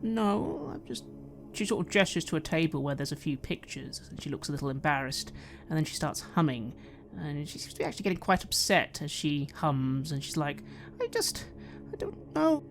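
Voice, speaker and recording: A woman's voice: sits low, a little fast, soft background music. A woman running a tabletop game as game master, describing scenes and asking players what they do.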